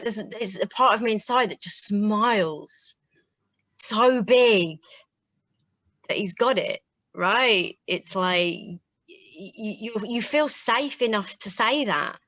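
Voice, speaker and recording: A woman speaking on a video call in a thoughtful, halting way, often restarting as she looks for her words. Her voice is mid-pitched. The room sounds dry, with no echo. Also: sharp tone. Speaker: panel guest. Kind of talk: casual conversation on a video call.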